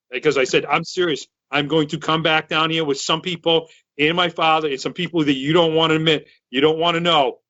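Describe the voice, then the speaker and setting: A man from Massachusetts in his thirties, a podcast co-host telling a long story in a loud, excitable, rambling way, full of restarts. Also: a little high, no echo, muffled recording. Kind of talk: casual storytelling chat.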